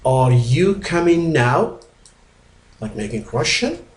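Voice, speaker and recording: A man's voice: medium pitch, sing-song, takes it slowly. A man who speaks English as a second language, teaching English grammar from slides, patiently and repetitively, with small grammar slips. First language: Arabic. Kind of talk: slide-based grammar lesson. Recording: roomy echo.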